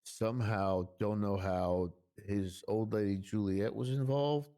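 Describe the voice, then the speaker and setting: Very deep, dark-voiced man in role-play. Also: steady tone. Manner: halting, many fillers, earnest. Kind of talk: in-character role-play chat.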